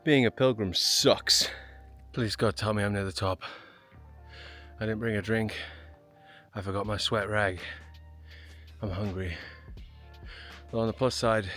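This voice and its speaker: A lower-voiced man records himself hiking uphill outdoors, talking chattily and poking fun at his own struggle. He is out of breath from the climb, and soft music plays faintly behind him. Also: level tone, moderate pace. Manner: chatty, self-mocking narration while hiking. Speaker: travel vlogger. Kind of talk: walking travel vlog. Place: outdoors on a hillside trail and road.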